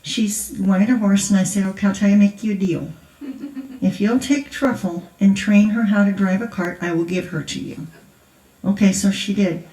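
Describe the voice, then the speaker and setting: A woman's voice: medium pitch, moderate pace. Older lady telling ranch stories, chatty and laughing, sounds far off in a big echoey hall. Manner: chatty, laughing, animated storytelling. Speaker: conference speaker. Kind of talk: storytelling testimony. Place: large church hall.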